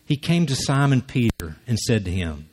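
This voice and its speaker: A man's voice: mid-range voice, very animated, normal speed, a little mellow, breathy edge. A man preaching a conversational sermon who acts out the lines he quotes.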